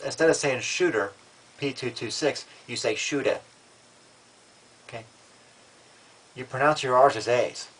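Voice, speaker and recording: Guy ranting into his camera, calm and matter-of-fact but defiant, keeps restarting his words. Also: medium pitch, poor audio. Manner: frequent restarts and repeated words. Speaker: vlogger. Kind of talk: casual vlog monologue.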